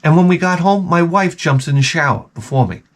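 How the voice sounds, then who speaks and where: Profane, animated man ranting. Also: a little high, a little fast. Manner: profane, animated, acts out people in quotes. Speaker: vlogger and closet installer. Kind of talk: casual storytelling rant.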